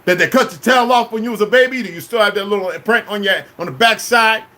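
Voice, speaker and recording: High-voiced man in a cursing livestream rant. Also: fast talker. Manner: confrontational, cursing, shifts between shouting and low muttering. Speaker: livestreamer answering chat.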